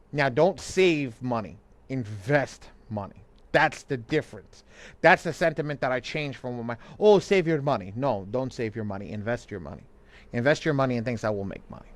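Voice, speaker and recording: A man's voice: mid-range voice, animated, moderate pace, dry recording. A man co-hosting a live online money class, talking loosely with lots of restarts and easy laughter. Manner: loose and rambling, frequent restarts, laughs easily. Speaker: co-host and credit coach.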